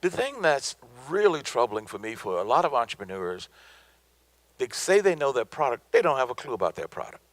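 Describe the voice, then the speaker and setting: A man's voice: medium pitch, very animated, a little fast, dry recording. A middle-aged man from the American South giving a motivational business talk, emphatic and preacherly, repeating his points for effect. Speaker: business speaker.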